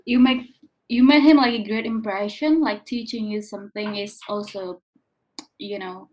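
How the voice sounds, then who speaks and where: A woman hosting a casual interview, asking questions haltingly with fillers. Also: mid-range voice, a little mellow. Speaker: host.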